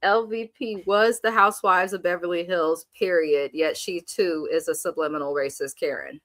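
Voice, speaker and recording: A woman's voice: on the low side, steady tone, normal speed, fairly bright tone, dry recording. A woman co-hosting a casual reality TV recap, blunt and sassy, reading viewer comments aloud. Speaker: show co-host.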